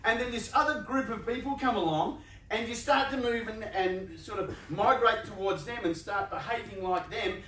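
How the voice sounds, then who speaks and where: Speaking to a crowded large room, a youth organisation speaker delivers a playful, conversational motivational talk, laughing often and acting out inner voices. His voice is fairly high with a sharp tone at normal speed. It echoes around the space and is picked up from a distance, with faint ambience and a little hiss or hum.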